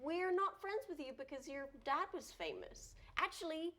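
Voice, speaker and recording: A woman's voice: high-pitched, expressive, normal speed, sharp tone. A woman playing a tabletop game, bantering bluntly and teasingly with another player.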